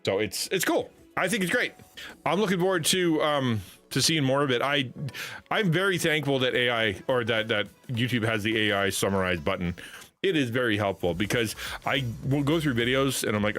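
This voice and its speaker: A man's voice: mid-range voice, lively intonation, fairly quick, fairly bright tone, faint music behind. A middle-aged man chatting casually on a live stream from his home setup, rambling with many restarts. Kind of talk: casual livestream chat.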